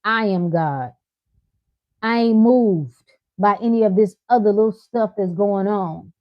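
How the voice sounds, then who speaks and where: A woman hosts a spiritual livestream, giving a motivational talk in an emphatic, preacherly, colloquial style and repeating lines for effect. Her mid-range voice moves a little slowly, and the audio is dull with no echo.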